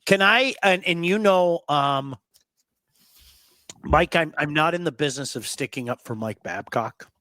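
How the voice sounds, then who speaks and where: A man hosting a sports talk show, telling stories in an emphatic, animated way and repeating words for effect. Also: on the high side, a little slow, no room sound. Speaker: sports radio host.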